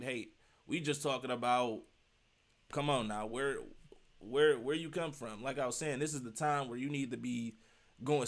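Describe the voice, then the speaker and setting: A man's voice: medium pitch, a bit bright. A man giving casual reaction commentary, emphatic and slangy, firing off rhetorical questions and repeating his points. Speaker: streamer reacting to a video.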